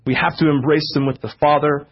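Pastor, man, sermon delivery that builds in energy; slightly raised pitch, muffled lo-fi church recording. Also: little pitch movement, a little fast, husky. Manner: gets louder and higher when fired up. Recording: dull lo-fi church audio.

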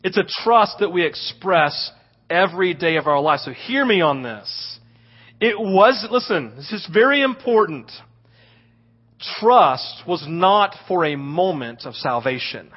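A man preaching a sermon as a pastor, telling stories in an animated way and often asking "right?". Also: high voice, a little slow, husky, muffled recording. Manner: animated storytelling with frequent "right?".

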